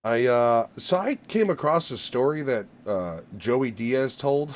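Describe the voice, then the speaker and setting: Animated swearing podcast guy. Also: mid-range voice, unhurried. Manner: animated, swears freely, rambling storyteller. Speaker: podcast co-host. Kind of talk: casual chat.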